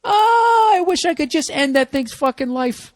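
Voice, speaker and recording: A man's voice: lively intonation, normal speed, no room sound, clean studio sound. A man voicing a frustrated dog that whimpers at a squirrel it wants to kill, in a whiny, pleading tone. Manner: whiny, high-pitched, pleading.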